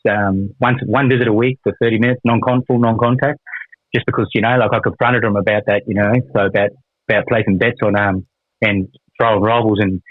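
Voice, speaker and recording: A man with an Australian accent and a lowish voice tells his story at a rapid clip. He rambles and swears freely. The sound is thin and phone-like and very dry. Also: no echo. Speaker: guest, former prisoner. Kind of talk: casual storytelling. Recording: tinny phone-like line.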